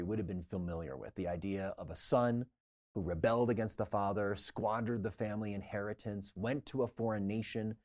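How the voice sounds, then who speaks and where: A man's voice: on the low side, mellow. A man co-hosting a Bible study discussion, explaining scripture casually and acting out how listeners would react. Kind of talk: teaching discussion.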